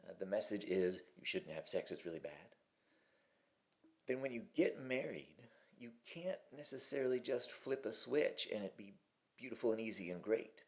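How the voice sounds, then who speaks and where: A man's voice: mid-range voice, a little mellow. A man in his forties hosting his own channel, talking casually and candidly from his kitchen table. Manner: conversational and candid, with restarts. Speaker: host. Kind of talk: casual to-camera talk.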